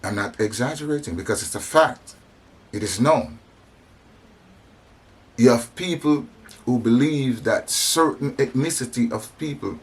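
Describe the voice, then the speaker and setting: A medium-pitched male voice with a breathy edge delivers a fiery preaching monologue about compassion, repeating phrases emphatically and restarting. The speaker is a man of African descent who addresses religion and society.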